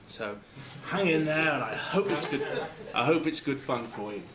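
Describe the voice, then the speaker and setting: A man from Lancashire giving an informal talk to a club, halting and full of fillers and restarts. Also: fairly high pitch, lively intonation, over a noisy crowd. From Lancashire, England. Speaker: guest speaker.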